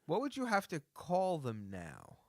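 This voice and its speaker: A man's voice: on the high side, wildly swooping pitch, unhurried, vocal fry, a little mellow. A man co-hosting a podcast in casual chat, trading wry jokes. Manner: joking, wry banter. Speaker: podcast co-host.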